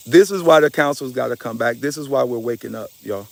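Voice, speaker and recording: Gravelly-voiced dude going off on a spiritual rant, mid-pitched, swears a bit, keeps asking y'all if you feel him. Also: male voice, brisk. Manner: emphatic, preachy, addresses listeners as y'all; swearing, casual slang. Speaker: spiritual speaker. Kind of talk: impassioned spiritual talk to an audience.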